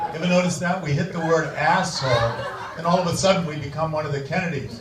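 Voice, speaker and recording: A man's voice: on the high side, heavy background noise. A man doing a profane, sardonic stand-up routine in a comedy club. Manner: sardonic, profane, quick asides. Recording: echoey club, far mic, laughing crowd.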